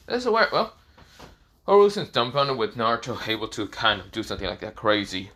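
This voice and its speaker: A man telling an improvised fan story in a loose, rambling way, circling back with fillers and restarts. His voice is bright and forward, at an ordinary male pitch. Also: big pitch swings, moderate pace. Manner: rambling, restarts with "this is where, well". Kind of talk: improvised fan-fiction narration.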